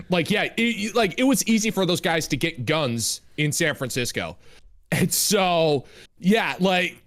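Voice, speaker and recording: A man co-hosting a casual comedy chat, relaxed and drawling with lots of filler words. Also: a little high, a little slow.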